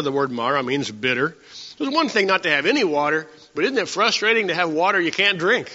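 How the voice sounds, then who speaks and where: A man's voice: a little high, sing-song, fairly quick, bright, forceful tone. A man preaching a conversational sermon, teaching from scripture and asking his listeners rhetorical questions. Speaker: pastor. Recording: dull sound with long hall reverb.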